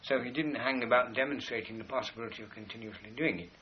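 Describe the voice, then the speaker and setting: In a mid-range voice, a fast-talking man gives a meandering philosophical lecture while pointing at drawings to illustrate. The recording sounds dull and lo-fi, carrying a faint hiss.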